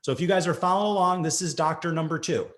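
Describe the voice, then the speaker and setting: A man's voice: fairly high pitch, very fast. A middle-aged man giving a keynote talk to an audience, telling a personal story and acting out the voices in it. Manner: animated, acts out voices in stories. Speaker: keynote speaker.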